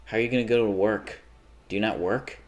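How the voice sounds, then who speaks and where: A young man livestreaming while gaming, chatting in a rambling way, swearing often and getting heated quickly. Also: on the low side.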